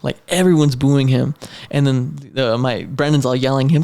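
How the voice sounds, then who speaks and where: A man's voice: mid-range voice, fairly even intonation, moderate pace, vocal fry, dark tone. A man from Idaho, an amateur mixed martial arts fighter, telling stories in a casual podcast chat, rambling and packed with "like.". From Idaho, USA. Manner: rambling storyteller, heavy use of "like". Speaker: amateur MMA fighter guest.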